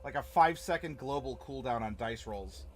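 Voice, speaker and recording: A man's voice: mid-range voice, lively intonation, moderate pace, a little hiss or hum. A young man hosting a live stream as game master, chatting casually and rambling with many fillers and restarts.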